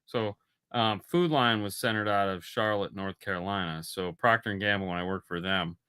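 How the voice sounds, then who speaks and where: Male co-host, Florida-raised, animated storyteller, bright and crisp voice. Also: fairly low pitch, normal speed. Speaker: podcast co-host. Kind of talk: casual chat.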